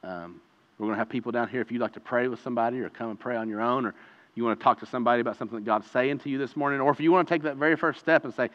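A man preaching a conversational sermon as pastor, earnest and emphatic, moving between hushed and loud delivery. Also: mid-range voice, rapid-fire. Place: church sanctuary. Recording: reverberant hall, dull lo-fi sound.

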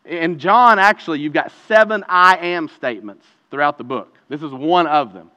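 A man with a bright, slightly high voice preaches an earnest, conversational sermon. He drops to hushed tones, then rises to loud emphasis. The sound is dull and lo-fi, with long church-hall reverb. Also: moderate pace. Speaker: pastor. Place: church sanctuary.

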